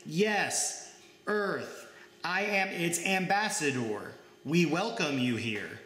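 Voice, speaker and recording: A man reading aloud, voicing a formal, earnest human male ambassador who speaks slowly and enunciates every word. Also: on the high side, animated, fairly bright tone, reverberant, voice pushed up. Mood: solemn. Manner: slow, over-enunciated, solemn.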